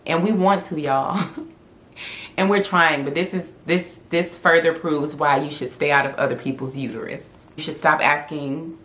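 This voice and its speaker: Low-voiced chatty woman. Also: normal speed, fairly bright tone. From Southern United States. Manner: chatty and candid, laughing often. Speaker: vlogger and influencer. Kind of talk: casual Q&A vlog. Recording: echoey room.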